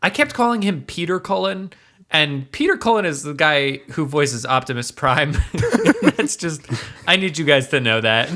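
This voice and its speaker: A man joking around and laughing easily in a casual podcast chat. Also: a little high. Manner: animated, joking, quick to laugh. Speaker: podcast co-host.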